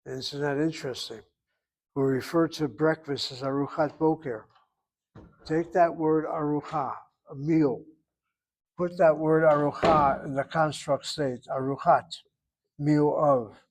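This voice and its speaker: A man's voice: a little high, fairly even intonation, measured pace. Man teaching Hebrew grammar step by step. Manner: explains grammar step by step, calls on students by name. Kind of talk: online class instruction.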